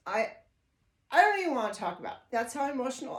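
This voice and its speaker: A woman's voice: high-pitched, very animated, fast talker. An older woman vlogging casually at home, chatty and emotional, rambling with frequent restarts. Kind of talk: casual vlog talk to camera. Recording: echoey room.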